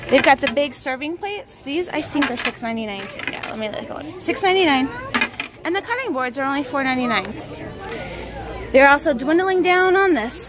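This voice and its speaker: High-pitched and expressive, a young female vlogger rattles off prices in chatty fashion while shopping. The handheld footage comes from a large store, with loud music and a loud crowd behind her on poor-quality audio.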